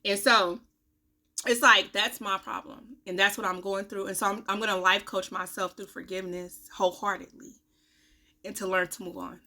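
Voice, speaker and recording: A young woman, venting bluntly and with profanity in a candid vlog, her voice swinging from loud to a low mutter, with a cough now and then. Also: little pitch movement, normal speed. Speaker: vlogger, self-styled life coach. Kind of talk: candid talking-to-camera vlog.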